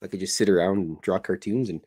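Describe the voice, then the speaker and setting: A middle-aged Canadian man, a podcast host and cartoonist, chats casually and rambles while drawing cartoons, meandering through jokes and self-deprecating asides. His voice is low, fast, warm and a bit rough.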